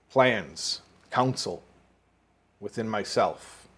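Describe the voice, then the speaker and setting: A man's voice: fairly low pitch, fairly even intonation, measured pace, long pauses. A man teaching a Torah class as a rabbi, telling a story and explaining it, with Hebrew and Yiddish words mixed in and rising emphasis.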